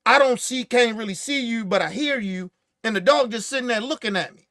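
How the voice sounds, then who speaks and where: A man hosting a podcast, telling stories in casual, profane, animated commentary and acting out what others said. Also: very high-pitched, brisk, no echo, studio quality. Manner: profane, animated storytelling with acted-out quotes. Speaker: podcast host.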